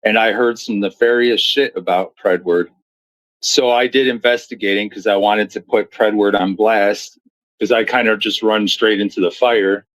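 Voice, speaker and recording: A man's voice: lowish voice, fairly even intonation, moderate pace, a bit bright, rough recording. A man commentating on clips and reading viewer comments in a blunt, profane, storytelling manner. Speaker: streamer commentator.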